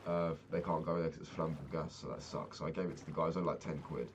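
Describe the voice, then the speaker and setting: A man's voice: rumbling low, rapid-fire, dull audio, a little hiss or hum. A young man casually telling a rambling, profane travel story as a vlogger. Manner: profane, rambling, animated retelling.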